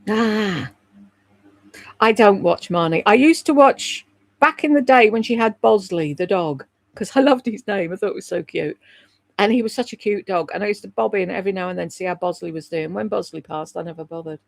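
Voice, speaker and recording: A woman's voice: medium pitch, normal speed, gravelly, no room sound. A woman hosting a livestream, gossiping bluntly, swearing freely and answering viewers' comments by name. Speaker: livestream host. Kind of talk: casual gossip chat reading viewer comments.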